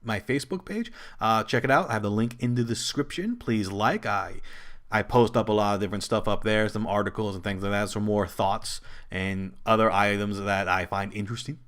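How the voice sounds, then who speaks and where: A man rambles through extended casual commentary on his own wrestling show, lively throughout and prone to restarts. Whenever he quotes someone, his voice makes a quick, high jump in pitch.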